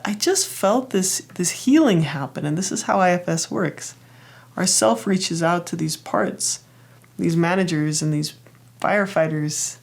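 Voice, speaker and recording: A woman hosting a self-help lesson, telling a personal example in a gentle, encouraging way. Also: fairly low pitch, vocal fry. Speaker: therapist host.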